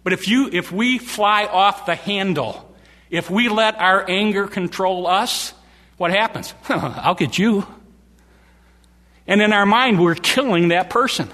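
A man's voice: sits high, a little slow, sharp tone. A man preaching a sermon with emphasis, repeating key phrases for stress. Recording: long hall reverb.

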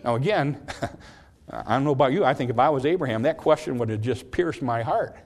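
A middle-aged man preaching a sermon, earnest, repeating phrases and rising in pitch on points he stresses. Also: animated, fast talker, darkish tone. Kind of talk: sermon, Bible teaching.

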